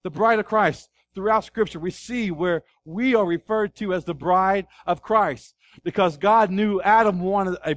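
High-voiced preaching pastor, dry sound. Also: male voice, no room sound. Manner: animated preaching, asks the congregation questions. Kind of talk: sermon. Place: church.

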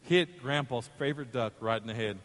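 A male pastor preaching a sermon in a church, telling a story in an animated way and acting out its voices. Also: mid-range voice, fairly quick, long reverb tail. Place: church sanctuary.

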